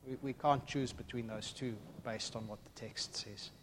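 A man preaching a sermon in an animated way, acting out the voices of the people in the story. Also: medium pitch, normal speed, slight background noise.

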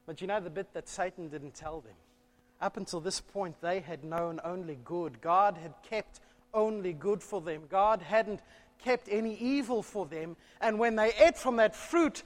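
A man preaching a sermon in church, telling a story with animated delivery and rhetorical questions. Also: sits high, measured pace. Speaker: pastor. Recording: long church reverb.

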